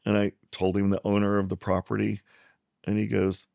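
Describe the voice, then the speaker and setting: Gravelly low-voiced man telling a story. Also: normal speed, dry recording, clean studio sound. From South Texas. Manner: animated storyteller who acts out the people he quotes. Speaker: psychiatrist guest. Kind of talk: storytelling in a conversation.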